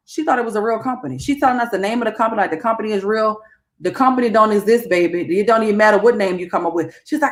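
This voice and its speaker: A woman, hosting a casual livestream and talking straight to her viewers, animated and chatty, calling them "baby" and "y'all". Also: mid-range voice, fast. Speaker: livestream host and crypto educator. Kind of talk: casual live-stream talk to viewers.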